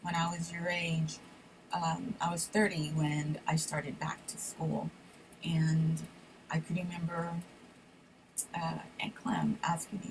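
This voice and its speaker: Low, gravelly-voiced mother speaking softly. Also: little pitch movement, background noise. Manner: soft, halting, emotional. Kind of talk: heartfelt personal message to her son.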